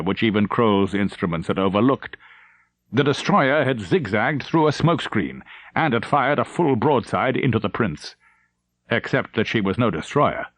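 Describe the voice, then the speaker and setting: A male narrator reading a war novel aloud in a measured, dramatic manner. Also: fairly low pitch, no room sound. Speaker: audiobook narrator. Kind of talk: scripted narration.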